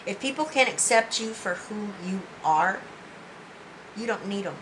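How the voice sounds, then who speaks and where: A woman's voice: medium pitch, lively intonation, a little slow, background noise. Earnest woman giving a tarot reading. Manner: earnest, heartfelt, often says "you know". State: emotional, near tears. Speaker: tarot reader.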